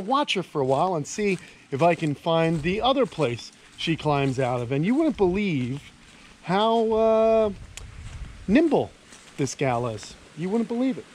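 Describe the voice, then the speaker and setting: A man hosting a casual vlog outdoors among animal enclosures, easygoing and chatty, talking to his reptiles as he goes. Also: high voice. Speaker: reptile keeper and channel host.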